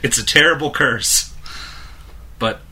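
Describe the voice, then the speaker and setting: A man's voice: medium pitch, takes it slowly, sharp tone, slightly rough. A man in his thirties, a podcast co-host, telling a long rambling story in casual chat and chuckling often.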